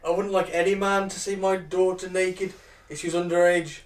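A man co-hosting a chatty podcast, earnest and quick to get indignant, swearing now and then. His slightly higher voice comes from off the mic in a roomy, echoey space. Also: little pitch movement, recorded from a distance. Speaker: podcast co-host. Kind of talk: casual banter.

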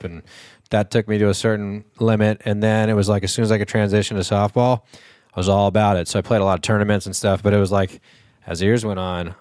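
A man's voice: fairly low pitch, darkish tone, no echo, clean studio sound. A man hosting a podcast in a laid-back, rambling way, full of "like" and "you know". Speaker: podcast host. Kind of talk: casual conversational interview.

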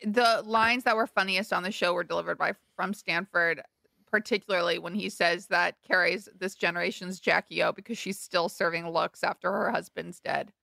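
Bright-voiced woman podcast co-host. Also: on the low side, fairly even intonation, moderate pace, vocal fry, no room sound, studio quality. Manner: laughs often, wry teasing. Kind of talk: casual chat.

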